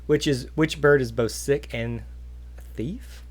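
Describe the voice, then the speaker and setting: A man's voice: medium pitch, measured pace. Rambling male trivia host. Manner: rambling, goes on tangents. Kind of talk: casual live-stream chat.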